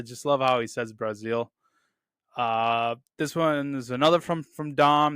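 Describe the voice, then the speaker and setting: A man's voice: mid-range voice, steady tone, measured pace, fairly bright tone, clean tone, dry recording, clean studio sound. A man hosting a casual movie review, enthusiastic and repeating "really, really" often. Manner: quotes lines in a loose put-on delivery. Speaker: film review host.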